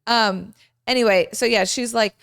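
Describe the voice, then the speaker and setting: A young woman co-hosting a casual podcast, telling a story in a chatty, animated way. Her voice has a gravelly edge. The sound is close and dry. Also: a little high, normal speed, dry recording. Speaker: podcast co-host. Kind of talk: casual chat.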